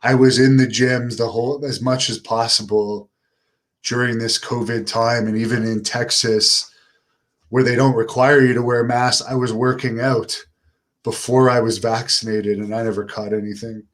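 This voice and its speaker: A middle-aged man from Canada chatting on his own live stream. He answers viewer questions in a relaxed, unhurried way, with a flat, unenthusiastic delivery, and he talks at a mid pitch typical for a man. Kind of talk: casual live-stream chat.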